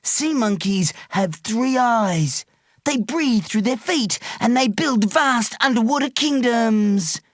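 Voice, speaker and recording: A woman voicing an eager, excitable boy in a storybook reading. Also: a little high, slow, no echo, clean studio sound, voice pushed up. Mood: excited. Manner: eager, pleading.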